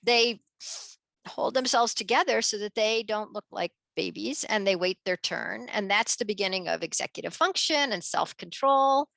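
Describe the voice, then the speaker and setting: A woman being interviewed, talking in a lively way and acting out children's voices with big jumps in pitch. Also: normal speed, creaky, dry recording. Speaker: guest. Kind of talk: animated conversational interview.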